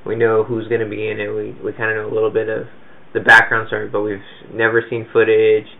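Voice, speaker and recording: A man with a gravelly, somewhat low voice chats casually on a podcast, rambling and often restarting his sentences. He sounds like a film reviewer thinking aloud. The audio is thin and phone-like. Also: monotone, fast. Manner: rambling, with many fillers and restarts. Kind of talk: casual chat.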